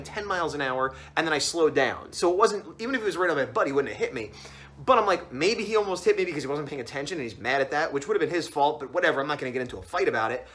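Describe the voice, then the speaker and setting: A man talking to camera on his vlog, rambling quickly from one thought to the next. His voice sits a little high and swings widely in pitch, and he acts out the other people in his stories. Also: fairly bright tone. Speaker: comic artist vlogger. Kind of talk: casual storytelling vlog.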